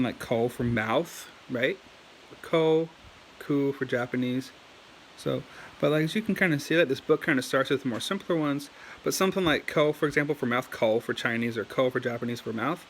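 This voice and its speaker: A man's voice: mid-range voice, fairly bright tone, a little hiss or hum. A man casually talking to camera about learning written characters, rambling and filling his speech with "like" and "um," with a cough now and then. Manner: rambling, heavy on "like" and "um". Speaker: language learner sharing tips.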